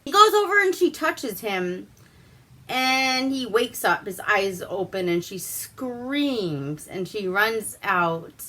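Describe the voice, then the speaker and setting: A woman vlogger chats her way through a movie plot at an unhurried pace, with a bright, forward tone. Her speech is loose and full of fillers and casual swearing. She is at home with a glass of wine. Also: medium pitch, big pitch swings.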